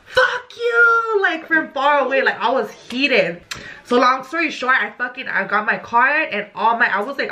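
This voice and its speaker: A young woman vlogger telling a story casually, animated and profane, with lots of "like". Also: mid-range voice.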